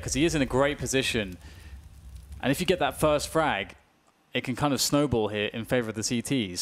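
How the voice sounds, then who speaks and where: A man with a British accent giving fast play-by-play esports commentary and rising to excited shouts at big plays. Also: mid-range voice, a little hiss or hum. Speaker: esports caster.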